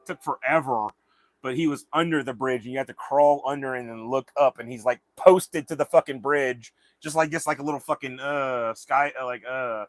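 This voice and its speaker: A man's voice: medium pitch, moderate pace. A man hosting a livestream in casual chat, rambling and swearing freely. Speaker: livestream host.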